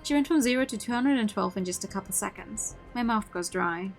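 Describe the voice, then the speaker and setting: A woman streamer narrating a story game in the first person, with an even, mid-pitched voice. Her reading is expressive, with occasional stumbles and restarts. Music plays clearly behind her. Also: fairly quick, low-quality recording. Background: background music.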